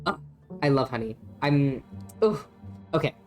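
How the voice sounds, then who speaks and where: A woman's voice: extremely low pitch, measured pace, darkish tone, soft background music. A young woman streaming a story game, chatting casually with her chat, swearing and laughing often.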